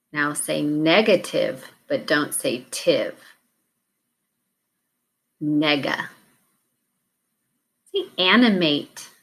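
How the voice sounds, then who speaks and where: A woman teacher leading a recorded classroom warm-up drill, slow and deliberate, pausing between prompts. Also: low voice.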